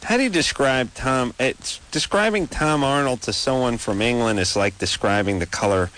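A man hosting a late-night radio call-in show, riffing sarcastically and rambling through jokes with quick asides. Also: mid-range voice, fairly bright tone, poor audio.

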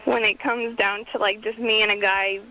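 A woman's voice: mid-range voice, little pitch movement, normal speed, sharp tone. A nineteen-year-old woman calling in to a radio show, speaking hesitantly over a phone line. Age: teens. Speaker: caller. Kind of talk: phone-in call.

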